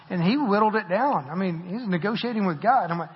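A man's voice: sits high, animated, fairly quick, hardly any pauses, slight background noise. A man giving a conversational, self-deprecating sermon in a church, laughing often as he talks. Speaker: preacher. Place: church sanctuary. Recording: muffled audio with long hall reverb.

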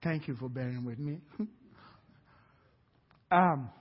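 A man preaching a sermon as pastor, telling the story in a lively way and acting out scenes in different voices. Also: medium pitch, takes it slowly. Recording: reverberant hall, dull sound.

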